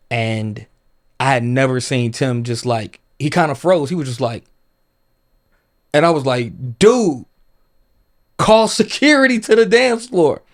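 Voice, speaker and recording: A man's voice: mid-range voice, darkish tone. A man guest on a podcast, telling stories in a rambling casual way, full of "like" and swearing.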